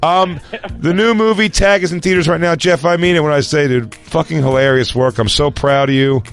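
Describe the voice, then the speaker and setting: Joking podcast host with light music. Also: male voice, on the high side, a little fast, clean tone. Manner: joking, laughs often, reads a plug. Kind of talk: casual chat.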